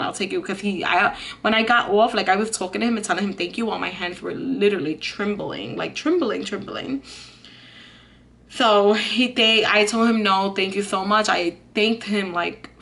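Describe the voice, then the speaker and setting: A woman's voice: mid-range voice, gravelly, fairly bright tone, slight background noise. A young woman telling a storytime vlog in an earnest way, full of "like" fillers. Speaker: vlogger.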